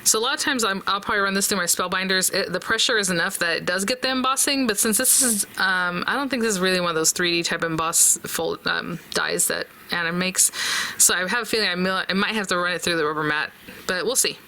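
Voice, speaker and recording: A woman's voice: on the low side, quick pace, sharp tone, slight background noise. A woman hosting a casual papercraft tutorial, chatty and thinking aloud as she talks to her viewers. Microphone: close desk mic.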